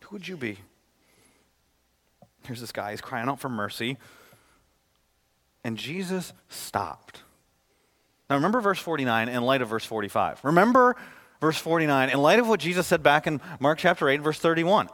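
A man preaching a sermon as a pastor, swinging between loud, emphatic lines and hushed, quiet ones. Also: a little high, very animated, a little fast. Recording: reverberant hall.

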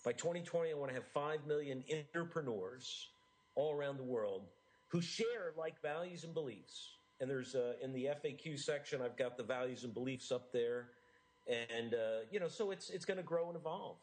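A middle-aged man from the United States, an author being interviewed, talking in an earnest, animated way with frequent restarts. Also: mid-range voice, normal speed, low-quality recording. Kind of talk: enthusiastic interview talk.

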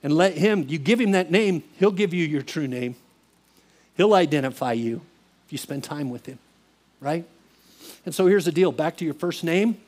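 A man's voice: fairly high pitch, lively intonation, moderate pace, long pauses, darkish tone. A man preaching a sermon in an earnest, confessional way, acting out his own conversations with God and with a mentor. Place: church.

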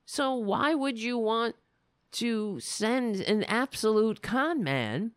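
A woman's voice: fairly high pitch, expressive, takes it slowly, no echo, studio quality. A woman from New York hosting a casual podcast, rambling and ranting with profanity and indignation. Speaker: podcast host.

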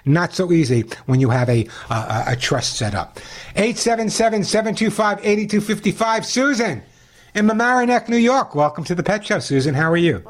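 A talkative man hosts a call-in radio show about pets, his voice sitting fairly high. He explains things in a quick, chatty flow, with frequent restarts and repeats. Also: expressive. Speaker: radio pet show host.

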